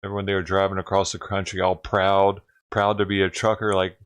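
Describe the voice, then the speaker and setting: A man's voice: low-pitched, monotone, a little fast, clear, resonant tone. A man doing a sarcastic, profane rant as a livestreamer, mocking and riled up. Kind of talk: ranting livestream commentary.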